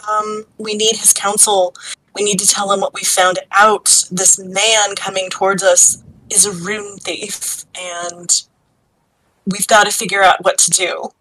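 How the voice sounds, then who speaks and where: A woman's voice: medium pitch, flat delivery, unhurried, pushed and bright, low-quality recording. A woman voicing an earnest, determined young princess who speaks pleadingly to her father.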